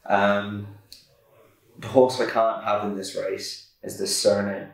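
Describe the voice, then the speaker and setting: A man's voice: on the low side, little pitch movement, slow pace, creaky. A man co-hosting a horse racing podcast in a casual, laid-back chat from an office, full of fillers and restarts. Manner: laid-back, filler-heavy, self-correcting. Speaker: podcast co-host, racing tipster. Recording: echoey room, far from mic.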